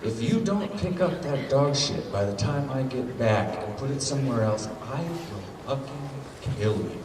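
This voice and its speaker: A man's voice: medium pitch, animated, moderate pace, background noise, lightly acted. A man voicing an uptight, angry middle-aged male neighbor who talks in an indignant, confrontational way. He is heard from far off in an echoey hall. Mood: furious.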